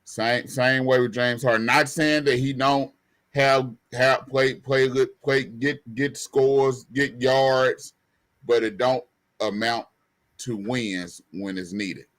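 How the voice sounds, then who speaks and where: Emphatic sports-talk man, bright voice. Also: mid-range voice, steady tone, takes it slowly. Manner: emphatic, repeats himself, colloquial. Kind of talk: heated sports debate.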